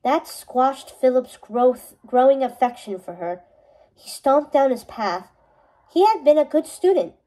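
Woman narrator, high mellow voice, steady reading of a novel. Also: poor audio. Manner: steady storytelling with small self-corrections. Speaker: reader.

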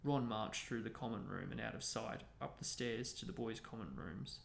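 A man hosting a book discussion, narrating a novel aloud in a steady reading voice. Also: on the low side, moderate pace, vocal fry. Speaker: host and book reader. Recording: echoey room, faint noise.

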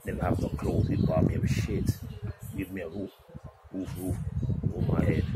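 A man's voice: low voice, flat delivery, a little fast, gravelly. A man delivering a profane, rambling monologue about his life. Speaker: musician telling his story. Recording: loud background noise.

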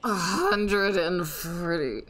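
A woman streamer with a low, fairly bright voice speaks slowly while playing a video game, a faint hiss or hum in the background. Exasperated, she rants and swears at the game and talks to her chat in casual live-stream commentary.

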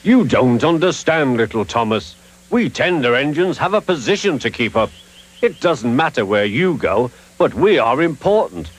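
Man doing a haughty big engine, stuck-up and sniffy, voice pitched up. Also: big pitch swings, normal speed. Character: pompous proud big male engine.

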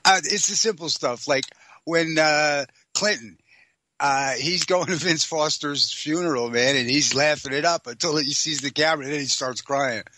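A man's voice: fairly high pitch, normal speed, bright, forceful tone, no echo. A man speaking as a guest on a radio show, chatty and laughing often. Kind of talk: casual chat.

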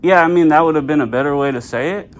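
A man's voice: fairly high pitch, quick pace. A man filming inside a public office, arguing with staff and repeating his questions. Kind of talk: confrontational auditor video.

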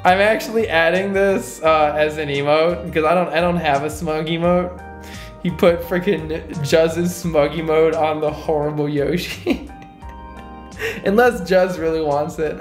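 A male streamer chatting loosely over his gameplay, excitable and giggly as he works things out aloud. His voice sits a little high for a man. The room sounds roomy, with faint music playing underneath. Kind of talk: casual gameplay commentary.

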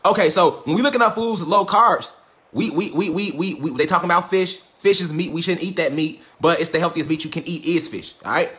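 Brief: fast-talking man, high voice, profane and preachy livestream lecturer, roomy echo. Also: pushed and bright. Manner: profane, preachy, street slang, repeats himself. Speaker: livestream host.

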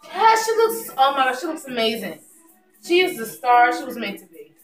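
High, gushing woman reacting to TV. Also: expressive, a little fast, fairly bright tone, soft background music. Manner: exclamatory, gushing, talks back to the screen. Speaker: reaction vlogger. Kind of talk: excited reaction commentary. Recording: echoey room, mic at a distance.

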